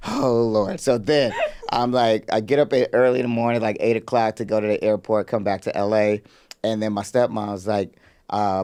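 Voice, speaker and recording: A man's voice: on the low side, fairly even intonation, normal speed, darkish tone, clean tone. A man co-hosting a podcast, chatting casually. He tells long stories, laughs a lot and acts out other people's voices. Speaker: podcast co-host. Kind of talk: casual chat.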